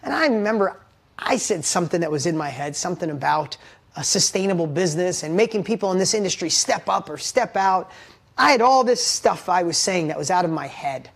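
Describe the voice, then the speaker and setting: A man's voice: high voice, expressive, fairly quick, gravelly. A middle-aged man and business owner giving an emotional motivational talk, intense and heartfelt, blunt with casual swearing. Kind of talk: emotional personal storytelling.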